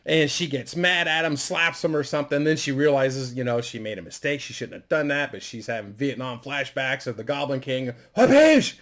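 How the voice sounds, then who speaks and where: A man's voice: medium pitch, fairly even intonation, a little fast, hardly any pauses, a bit bright. A man casually and crudely rambling through a story idea, full of fillers and restarts. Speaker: vlogger.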